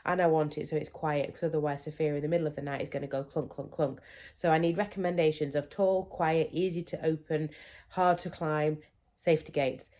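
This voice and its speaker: Low-voiced chatty mum. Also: female voice, fairly even intonation, fairly quick, dark tone. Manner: chatty, candid, acts out her kids' voices. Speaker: parenting vlogger. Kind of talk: casual chat to camera.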